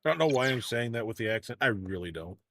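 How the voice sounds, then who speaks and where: A man's voice: medium pitch, expressive, quick pace, a bit bright, soft background music. A man streaming a game live, commenting in a playful, jokey, self-mocking way.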